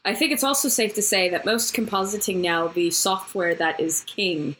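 A woman co-hosts a casual podcast conversation. She talks loosely and chattily, full of "like" fillers and quick laughs. Her pitch sits in an ordinary middle range, and faint ambience hangs behind her. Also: fairly bright tone, slight background noise, rough recording. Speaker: podcast co-host, former compositor. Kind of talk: casual chat.

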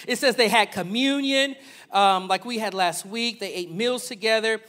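A male pastor preaching a sermon, animated, swinging from loud preaching to soft, playful asides. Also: sits high, normal speed.

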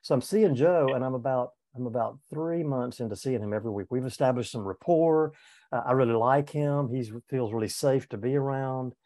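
Man, 70s, former pastor, earnest candid storytelling, mellow voice, dry sound. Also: medium pitch, a little fast, no room sound. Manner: earnest, candid, with frequent restarts. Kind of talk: reflective personal storytelling in conversation.

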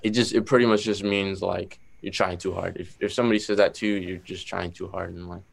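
Young guy w/ boston accent, super deep flat voice, laid back, says like a lot. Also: fairly quick, creaky. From Massachusetts. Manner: relaxed, many "like" fillers. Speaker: musician guest. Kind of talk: casual interview chat.

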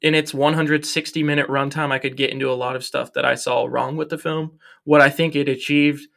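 A young man co-hosting a casual film podcast, joking and animated with lots of fillers. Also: fairly high pitch, a little fast, vocal fry. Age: young adult. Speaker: podcast co-host. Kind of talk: casual film review chat.

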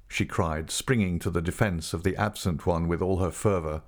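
A man reading a classic novel aloud as narrator, measured and deliberate. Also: sits low, steady tone. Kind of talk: audiobook reading.

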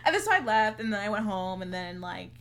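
A woman's voice: mid-range voice, sing-song, brisk, a bit bright. A young woman co-hosting a podcast, telling a long story in casual chat, saying "like" a lot and acting out what people said. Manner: chatty, heavy use of "like", acts out quotes. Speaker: podcast co-host.

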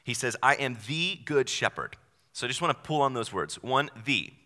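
A man's voice: medium pitch, big pitch swings, moderate pace, bright, forceful tone. A young man preaching a sermon in a casual, conversational way, with self-deprecating asides. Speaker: pastor. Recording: long hall reverb.

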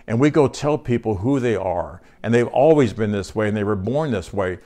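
A man's voice: on the low side, animated, normal speed, mellow. A man preaches to his congregation in a folksy, conversational way. He reads scripture aloud and keeps turning to the room with questions. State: short on sleep. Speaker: pastor. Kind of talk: sermon.

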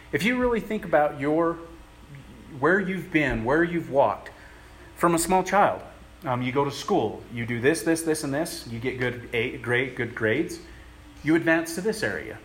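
A man giving a conversational sermon, earnest and plain-spoken, pausing often as he works through his thoughts. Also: a little high, animated, a bit bright, a little hiss or hum. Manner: earnest, plain-spoken, halting with many pauses. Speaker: preacher.

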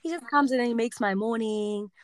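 A woman in her late twenties speaks a little fast in a slightly high voice. Hosting a podcast, she tells a personal story in casual chat and acts out the voices of people she quotes.

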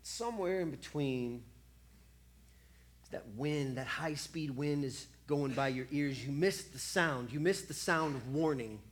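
Man preaching with dramatic loud-soft swings. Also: a little high, unhurried. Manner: dramatic, swings between loud outbursts and hushed lines; acts out little dialogues and repeats phrases for effect. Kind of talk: sermon.

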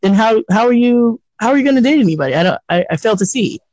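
Man, podcast co-host, slightly high voice, animated storyteller, dry mic. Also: fast talker, no echo, low-quality recording. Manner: animated storyteller, laughs often, acts out quotes. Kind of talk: casual chat.

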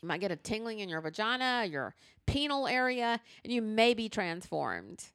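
A woman's voice: medium pitch, moderate pace, dry recording, clean studio sound. A woman co-hosting a podcast, ranting with profanity in casual chat. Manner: animated, profane ranting storyteller. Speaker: podcast co-host.

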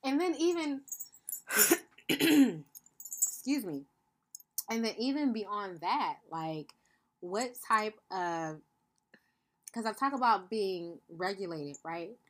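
A woman in a middle pitch speaks to her podcast listeners in a reflective, earnest monologue. She works through her thoughts out loud, calling listeners "beloved" and often checking in with a quick "right?". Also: expressive. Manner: earnest, thinks aloud with frequent "right?" check-ins. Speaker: podcast host.

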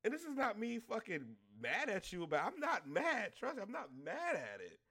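Man, casual profane rant, blunt and exasperated, high voice, swooping pitch. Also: wildly swooping pitch, normal speed, vocal fry, bright, forceful tone, husky. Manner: blunt, exasperated, heavy swearing.

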